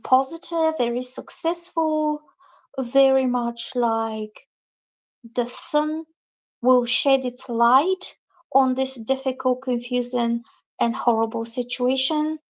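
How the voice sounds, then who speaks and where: Chatty high-voiced woman reading tarot. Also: slow pace. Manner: chatty, explains cards, reads viewer comments aloud; lively, acts out quoted reactions. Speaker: tarot reader. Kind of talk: live-stream tarot reading.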